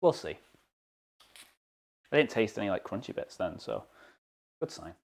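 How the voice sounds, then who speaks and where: Here a young Briton streams live while baking in his home kitchen, his lowish voice very animated yet a little slow. The talk is chatty and full of self-deprecating jokes.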